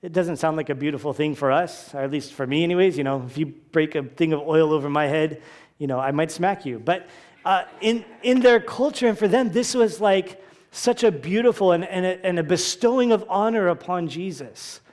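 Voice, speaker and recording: High-voiced man preaching a lively sermon. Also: moderate pace. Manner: animated, acts out quoted voices, conversational asides. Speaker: pastor.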